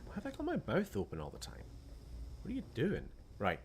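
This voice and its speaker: A man's voice: medium pitch, wildly swooping pitch, a little fast, gravelly, a little hiss or hum. A young Scottish man streaming a game, chatting casually, muttering to himself and swearing under his breath with a sarcastic edge. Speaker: gaming streamer. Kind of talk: casual gameplay commentary.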